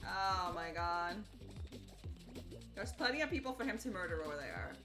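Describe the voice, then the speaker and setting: A woman's voice: lowish voice, sing-song, moderate pace. A young woman streaming a game, swearing, shrieking and laughing as she plays, chatting to viewers. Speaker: livestreamer. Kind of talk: live gameplay commentary. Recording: game music behind the voice.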